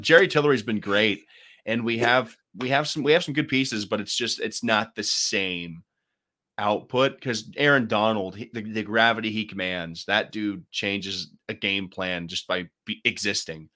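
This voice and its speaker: Bright and forceful, a fairly low-pitched male voice co-hosts a casual sports podcast. He rambles and jokes, peppering his talk with fillers and false starts.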